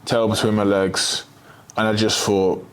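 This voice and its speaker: A man's voice: fairly low pitch, flat delivery, measured pace, a bit bright, smooth. A man, telling his own story candidly on a podcast, with swearing and slang. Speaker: guest, boxer. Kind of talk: casual storytelling chat.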